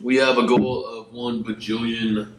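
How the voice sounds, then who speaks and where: A man's voice: mid-range voice, level tone, measured pace, slight background noise. A man hosting a casual podcast, loose and jokey, laughing often as he talks. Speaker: podcast host. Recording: echoey room.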